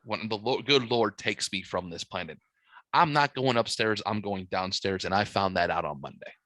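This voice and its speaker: A man hosting a podcast, telling a story in casual chat, profane and animated, getting louder as he laughs. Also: lowish voice, normal speed, no room sound. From St. Louis, USA. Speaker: podcast host.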